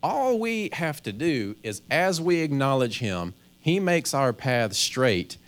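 With big swings in pitch, a pastor speaks slowly in a mid-range voice through a conversational sermon. He frequently plays out people's private thoughts aloud and stammers as he begins sentences again.

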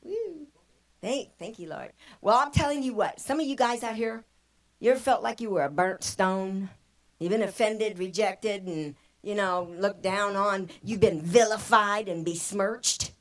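A woman's voice: medium pitch, measured pace. A woman giving an exuberant, praise-filled informal sermon at a church conference. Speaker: missionary singer and speaker.

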